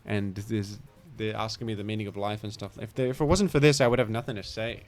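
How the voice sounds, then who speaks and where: A man's voice: lowish voice, steady tone, quick pace, soft background music. A man with a British accent commenting live on a game he is playing, rambling in a playful, mock-grandiose way. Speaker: streamer.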